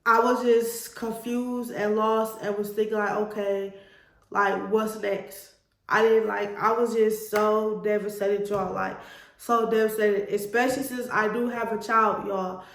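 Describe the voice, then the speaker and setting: A woman's voice: mid-range voice, flat delivery, measured pace, creaky, a bit bright, echoey room. A woman, telling a personal story to camera in an earnest, emotional way and addressing viewers as y'all. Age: 20s. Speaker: vlogger.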